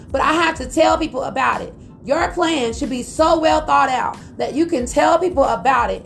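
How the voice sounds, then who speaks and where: A high-voiced woman hosts a motivational business podcast. Her voice has a gravelly edge, and she talks in a lively, preachy way straight to her listeners. Faint music sits behind her. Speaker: podcast host.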